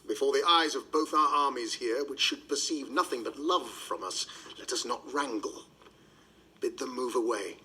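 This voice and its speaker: An actor playing Brutus, a calm, stern Roman general, in an audio recording of a play. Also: male voice, mid-range voice, normal speed, slightly rough, rough recording. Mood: calm, firm.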